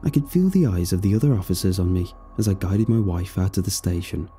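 A man's voice: lowish voice, warm tone. A man in his fifties narrating a first-person story in a brooding, world-weary way.

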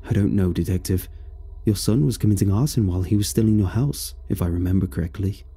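Narrator playing a curt cop laying down the law, dark husky voice. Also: male voice, low-pitched, fast. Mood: firm. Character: blunt male police officer, firm and curt.

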